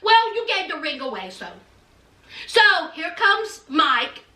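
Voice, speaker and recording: A woman's voice: very high-pitched, sing-song, slow pace, pushed and bright, roomy sound, far from the mic. A woman giving a sassy, casual recap of a reality TV episode, calling her listeners honey.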